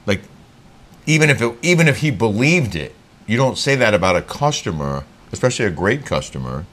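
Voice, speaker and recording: Laid-back man co-host, low voice. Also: sing-song, a little fast, a bit bright. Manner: easygoing, recapping events in a chatty way. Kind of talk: casual chat.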